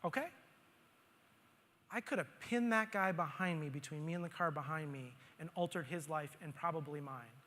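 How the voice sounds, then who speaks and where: A man speaking at a conference, telling a story from his own life in an animated way and acting out his own grumbling. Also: a little high, normal speed. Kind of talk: storytelling talk on stage. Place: conference hall stage. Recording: long hall reverb.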